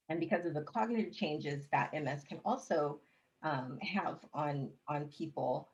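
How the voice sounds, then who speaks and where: Candid woman with a lowish voice. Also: low-quality recording. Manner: candid, expressive, with touches of humor. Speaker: interview guest. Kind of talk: casual personal storytelling.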